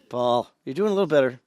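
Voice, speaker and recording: A man co-hosting a podcast in casual chat, an animated storyteller who acts out the people in his jokes. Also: mid-range voice, normal speed, no echo. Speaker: podcast co-host. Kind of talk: casual chat, telling a joke.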